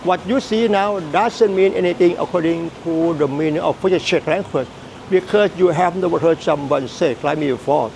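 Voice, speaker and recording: High, gravelly man. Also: a little mellow, slight background noise, poor audio. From Thailand. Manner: repetitive, halting, emphatic phrasing. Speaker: Buddhist teacher. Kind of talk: dharma teaching.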